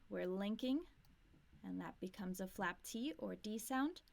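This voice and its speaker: A woman with an American accent teaching English pronunciation, modeling sounds slowly and repeating lines for learners. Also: mid-range voice, vocal fry, a little mellow. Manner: slow, deliberate modeling of sounds with repetition. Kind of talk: pronunciation lesson.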